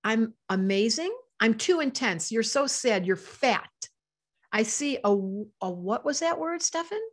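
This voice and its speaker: A woman's voice: on the high side, lively intonation, a little slow. An older woman teaching astrology to a live online audience, passionate and emotional, reading out chat comments as she talks.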